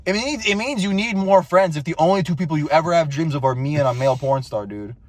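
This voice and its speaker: A man's voice: on the high side, quick pace. A man in his twenties co-hosting a casual podcast, exasperated and swearing a lot, often repeating himself. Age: 20s. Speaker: podcast co-host. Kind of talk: casual chat.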